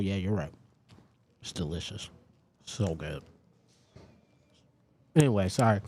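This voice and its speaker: A man's voice: low voice, expressive, slow, darkish tone, husky, no room sound. A man co-hosting a casual food podcast, talking animatedly with lots of fillers and sometimes eating as he speaks. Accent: Detroit, Michigan. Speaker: podcast co-host. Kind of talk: casual chat.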